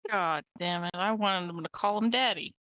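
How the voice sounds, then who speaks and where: A woman playing in a tabletop game, loud and giggly and quick to poke fun at herself. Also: fairly low pitch, dry recording, lo-fi sound. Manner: giggly, loud, self-mocking. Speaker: player. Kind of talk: casual tabletop play.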